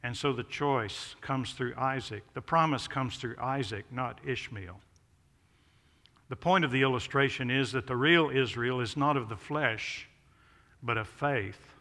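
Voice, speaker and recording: A man's voice: medium pitch, a little slow, bright, forceful tone. A man preaching an expository sermon, stressing contrasts with rising emphasis. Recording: long hall reverb.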